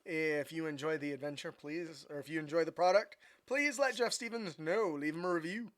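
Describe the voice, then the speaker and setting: A man's voice: fairly high pitch, fairly quick, fairly bright tone. A man co-hosting a tabletop gaming podcast, talking casually with many fillers and restarts. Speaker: podcast co-host. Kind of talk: casual chat. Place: home room over the internet.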